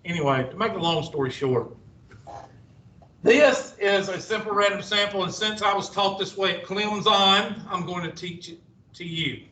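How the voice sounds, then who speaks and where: A man's voice: sits high, moderate pace, pushed and bright. A male math teacher, lecturing a class with rambling, sarcastic asides. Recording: echoey classroom from far off.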